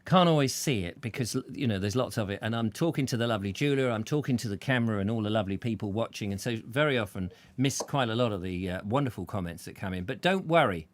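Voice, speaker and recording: A man's voice: fairly low pitch, expressive, fast, hardly any pauses. A man hosting a casual chat show, joking and rambling through anecdotes. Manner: chatty, jokey, rambling anecdotes with put-on voices. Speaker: host.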